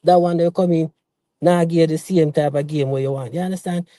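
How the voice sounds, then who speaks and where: A man with a Jamaican accent calling in to a football show, talking haltingly and repeating words as he looks for them. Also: on the high side, steady tone, mellow, no room sound, studio quality. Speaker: caller. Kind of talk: casual call-in opinion.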